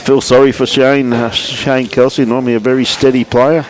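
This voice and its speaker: A man's voice: mid-range voice, little pitch movement, moderate pace, low-quality recording. An Australian man commentating a live lawn bowls stream in a chatty, matey way, greeting viewers by name. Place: outdoors at a bowls club.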